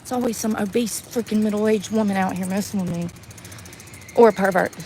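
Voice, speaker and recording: A woman's voice: mid-range voice, steady tone, a little fast, dark tone, a little hiss or hum. A woman ranting bluntly in a casual vlog, laughing often, recorded outdoors in the woods. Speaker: vlogger.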